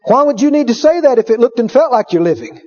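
A man preaching a sermon, emphatic, repeating his points and at times shouting. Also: very high voice, big pitch swings, quick pace, highs cut off.

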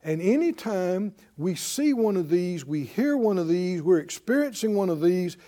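A man's voice: sits high, very animated, moderate pace, warm tone. A man preaching a sermon, leading call-and-response and firing off emphatic rhetorical questions. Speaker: pastor.

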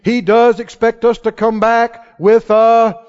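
A man's voice: extremely high pitch, flat delivery, takes it slowly, darkish tone, clear, resonant tone. A man preaching a sermon as pastor, folksy and emphatic, building to exhortation, recorded in a church sanctuary. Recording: dull, reverberant church hall recording.

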